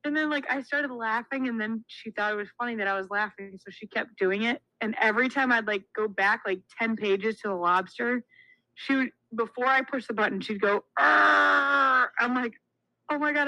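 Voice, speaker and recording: Young woman in her 20s, podcast co-host, bright tone, dry close sound, animated storyteller. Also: on the high side, a little fast, no room sound, low-quality recording. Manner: animated storyteller acting out quotes. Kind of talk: casual chat.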